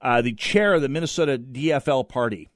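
A man's voice: medium pitch, fairly quick, no echo, studio quality. A man hosting a political talk radio show, delivering opinionated, sardonic commentary with frequent fillers and restarts.

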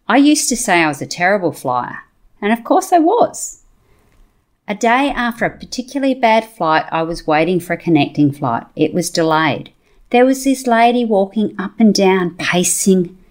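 Woman, podcast host, lively pitch, encouraging rhetorical questions, motivational talk. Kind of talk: motivational monologue.

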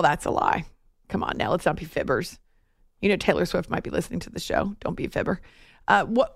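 A woman's voice: mid-range voice, clear, resonant tone, no echo, studio quality. A woman hosting a sports radio show late at night. She talks in a chatty, self-deprecating way and laughs easily. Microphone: studio microphone.

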